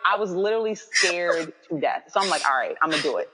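A woman in her thirties telling a personal story in casual conversation, often acting out her own past words with leaps in pitch. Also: quick pace, hardly any pauses, slightly rough. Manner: animated, quoting herself with high-pitched voices. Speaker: guest. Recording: dull audio with long reverb.

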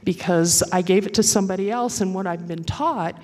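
A woman giving a halting, reflective personal testimony at a recovery meeting, with many pauses and fillers. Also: medium pitch, darkish tone, long reverb tail.

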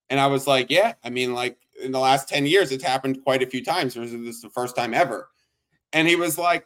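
A man co-hosting a sports podcast, talking in a casual, animated way as he tells stories. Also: medium pitch, fairly quick. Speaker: podcast co-host.

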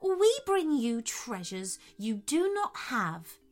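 A woman voicing a kindly, wise owl in a storybook reading, high and gentle. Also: sing-song, slow pace.

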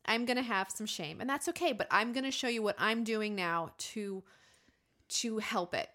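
A woman in her thirties hosts a podcast, speaking candidly and animatedly about her own life in confessional stories where she acts out her inner voices. Her voice is mid-range at a normal speed.

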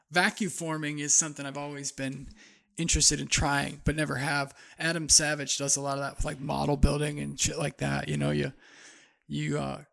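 A man's voice: a little high, vocal fry, a bit bright. A man co-hosting a podcast in casual, rambling chat, laughing easily. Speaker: podcast co-host.

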